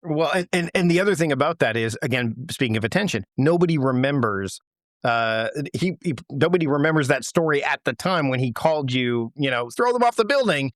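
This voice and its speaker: A man's voice: on the high side, animated, a little fast, no echo, studio quality. A man hosting a podcast interview, speaking in a reflective way and building his points step by step. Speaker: podcast host. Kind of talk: conversational interview.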